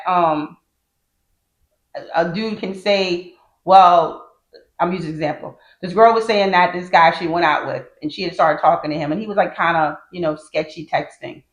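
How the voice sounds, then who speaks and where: A woman's voice: on the low side, normal speed, highs cut off. Chatty woman, echoey room. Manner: chatty storyteller, acts out quotes. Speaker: podcast co-host. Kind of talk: casual podcast chat.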